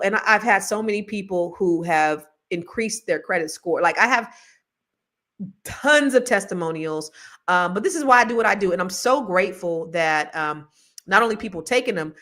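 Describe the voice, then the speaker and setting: A woman's voice: lowish voice, normal speed, fairly bright tone. A middle-aged woman hosting a podcast in a casual, rambling way, laughing often. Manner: chatty, rambling, laughs a lot, slangy. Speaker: podcast host. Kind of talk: casual chat with viewers.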